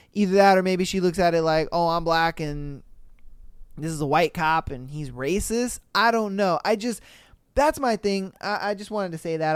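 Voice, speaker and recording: A man's voice: a little high, clear, resonant tone, dry recording. A man hosting a podcast, rambling casually in reaction commentary, swearing and laughing often. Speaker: podcast host.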